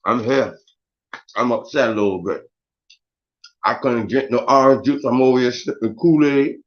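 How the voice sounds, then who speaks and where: A man chatting loosely on a morning live stream, full of slang and cussing as he calls out viewers by name. His voice sits at an ordinary middle pitch. The audio is dull and lo-fi. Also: moderate pace. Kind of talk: casual morning live chat.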